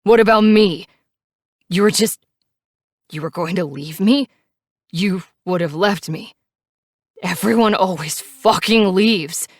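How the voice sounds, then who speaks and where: Woman reading an anguished shouting biker man. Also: sits low, unhurried, no echo, clean studio sound. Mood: yelling anguish. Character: angry grieving male biker, young adult. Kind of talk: audiobook character reading.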